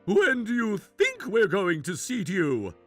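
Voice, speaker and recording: A man's voice: high-pitched, huge pitch swings, slow, fairly bright tone, soft background music, full character voice. A man voicing an arrogant, mocking male chef who owns a restaurant, in a sneering, gloating, theatrical manner. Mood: dismissive. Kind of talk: animated story voice acting.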